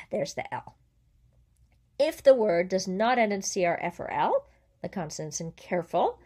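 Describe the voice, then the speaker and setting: A woman gives a patient pronunciation lesson. Her delivery is clear and careful, and she slows down on each example word. Her pitch sits in an ordinary middle range. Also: a little mellow. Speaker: French teacher. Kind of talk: language lesson.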